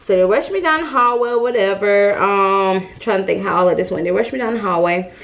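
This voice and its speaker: A woman's voice: mid-range voice, brisk, dull audio. A woman vlogger casually telling a personal story straight to her viewers, chatty and full of fillers, while she straightens her hair. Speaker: mom vlogger.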